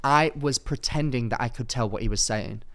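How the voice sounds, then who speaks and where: A young man co-hosting a podcast, telling a story in casual chat and acting out quotes with sudden high bursts. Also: brisk, fairly bright tone. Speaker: podcast co-host.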